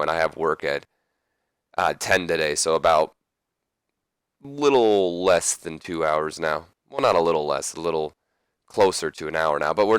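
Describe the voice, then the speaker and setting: A man's voice: deep voice, a bit bright, smooth, no room sound. A young man casually narrating a wrestling management game, reading out results and making chatty, self-deprecating asides on a close microphone. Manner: chatty, reads event text aloud, self-deprecating asides. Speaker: let's play narrator.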